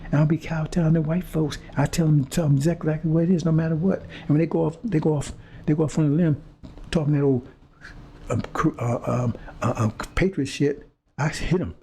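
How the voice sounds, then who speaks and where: A high, mellow male voice with fairly even intonation moves at a fairly quick clip, with slight background noise behind it. He's a preacher giving his audience a fiery, confrontational monologue, full of repeated phrases, stammers and restarts as he looks for the right words.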